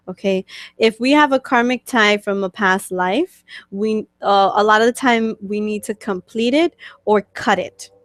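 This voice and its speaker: A woman's voice: mid-range voice, dry recording, clean studio sound. A woman with a New York accent, a spiritual coach answering viewer questions in a casual, chatty teaching talk full of fillers and "okay?" check-ins. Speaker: spiritual coach hosting a webcast.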